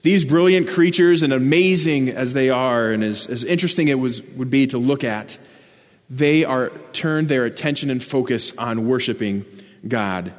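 A male preacher delivers an earnest sermon, explaining scripture and pressing key words with rising emphasis. His voice sits at an ordinary middle pitch. Long reverb trails behind him, as in a large hall. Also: moderate pace.

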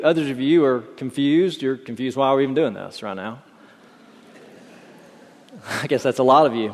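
A man preaching a sermon in a church, reading a parable expressively and raising his voice for the dialogue. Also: a little high. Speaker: pastor. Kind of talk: sermon with dramatic story reading. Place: church sanctuary. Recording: long hall reverb.

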